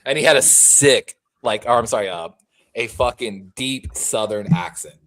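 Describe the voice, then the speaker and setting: A man's voice: mid-range voice, animated, moderate pace, a bit bright. A man co-hosting a sports podcast, telling stories casually, swearing and laughing as he goes. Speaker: podcast co-host. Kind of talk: casual chat.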